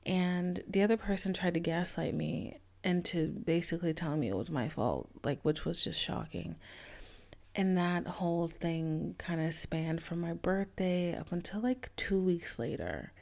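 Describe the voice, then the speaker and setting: A woman's voice: lowish voice, creaky, darkish tone. A young woman hosting a casual solo podcast, telling a candid, rambling story with lots of fillers and swearing. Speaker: podcast host.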